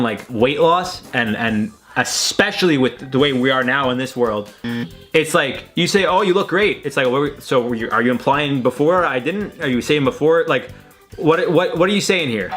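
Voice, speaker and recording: Man, host, higher voice, casual rambling commentary, swears freely, faint music behind. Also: a bit bright. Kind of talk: casual commentary reacting to tweets. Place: his own room at home.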